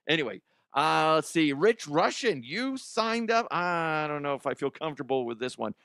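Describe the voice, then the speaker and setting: A man's voice: on the high side, big pitch swings, normal speed, vocal fry, a bit bright, no room sound, studio quality. A man hosting a comedy podcast, rambling loosely and laughing between bits. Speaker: podcast host. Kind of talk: casual comedy monologue.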